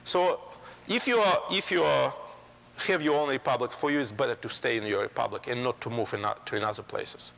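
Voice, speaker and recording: A man addresses a college audience. His voice is gravelly and rough. His English is halting, full of ums and restarts. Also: medium pitch, a bit bright, long reverb tail. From Soviet Union. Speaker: guest lecturer. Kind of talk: public lecture.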